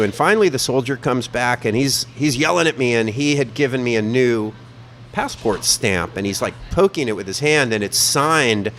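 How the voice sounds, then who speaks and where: Male podcast storyteller, mid-pitched, animated and profane, casual chat. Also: normal speed, a little hiss or hum. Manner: animated, profane, many "like" fillers. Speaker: podcast guest telling a travel story.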